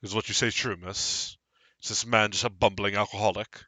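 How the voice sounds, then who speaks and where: A man's voice: fairly low pitch, steady tone, moderate pace, pushed and bright, dry recording. A man voicing a kindly male knight who speaks in an earnest, encouraging way, close to his own voice. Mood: questioning.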